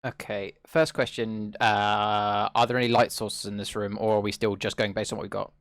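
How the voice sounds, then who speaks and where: A man's voice: lowish voice, flat delivery, normal speed, a bit bright, clear, resonant tone, no room sound, studio quality. A man playing a tabletop game, asking many curious questions. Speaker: player.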